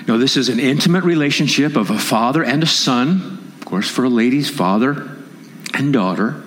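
A man's voice: mid-range voice, lively intonation, normal speed, fairly bright tone. A man preaching a sermon as pastor at a conference, impassioned and rising into emphatic raised appeals. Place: conference hall. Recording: long hall reverb.

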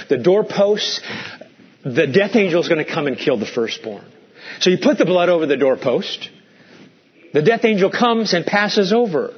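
A pastor preaching a sermon, animated, his voice jumping up when he gets excited. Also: high-pitched, breathy edge, muffled recording.

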